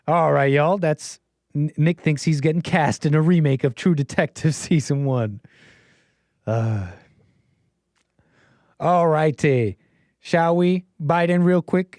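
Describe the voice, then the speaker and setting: In a mellow, mid-range voice, a man hosting a call-in show chats casually with livestream viewers, rambling and joking as he talks to the chat. There's no room sound in the audio.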